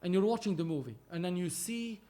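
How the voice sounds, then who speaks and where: Animated man telling a story. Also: sits high, fairly quick. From Lebanon. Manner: animated, acts out dialogue, swears casually. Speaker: podcast guest, film producer. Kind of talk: casual storytelling in an interview.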